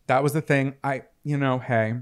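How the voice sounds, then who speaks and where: A man co-hosting a casual chat podcast, telling stories and quoting people with lively energy. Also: mid-range voice, normal speed, a crowd in the background. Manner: chatty storyteller, quoting others animatedly. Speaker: podcast co-host.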